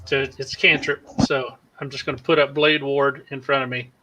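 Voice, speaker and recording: A man playing a tabletop game, speaking in a halting, hesitant way. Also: mid-range voice, flat delivery, bright, forceful tone, poor audio. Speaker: player. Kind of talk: casual tabletop play.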